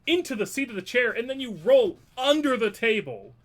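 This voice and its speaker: Here is a man with a high, sharp voice running a tabletop game as dungeon master. He narrates with a cheeky, swearing humor and often breaks into laughter. His tone stays crisp and forward throughout. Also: lively intonation, a little fast. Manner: playful, profane, laughing while narrating.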